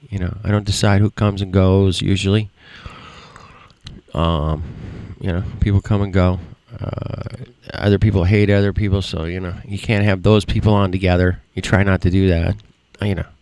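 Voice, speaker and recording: A man's voice: on the low side, vocal fry, darkish tone, dry recording. A man hosting his own livestream, ranting bitterly and swearing constantly about running the show alone all year. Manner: profane, rambling, bitter. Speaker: livestream host. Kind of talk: frustrated rant.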